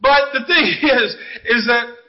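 A man's voice: very high voice, slow pace, muffled recording. A middle-aged man preaching a sermon, telling folksy stories and jokes and talking to the congregation. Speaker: pastor. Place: church sanctuary.

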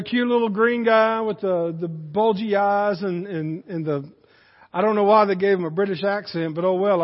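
High-pitched pastor, folksy and playful in the pulpit; muffled lo-fi sound, long sanctuary reverb. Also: male voice. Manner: folksy, joking, animated preaching. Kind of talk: sermon. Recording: dull lo-fi audio with long church reverb.

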